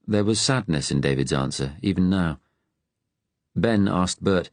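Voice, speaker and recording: Deep low guy reading an audiobook, steady and measured, dry close mic. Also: no room sound. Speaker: audiobook narrator. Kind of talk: scripted audiobook narration.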